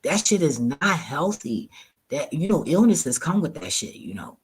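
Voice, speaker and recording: A woman's voice: low-pitched, sing-song, unhurried, husky. A woman vlogger casually retelling a story to her viewers, profane and exasperated, often laughing.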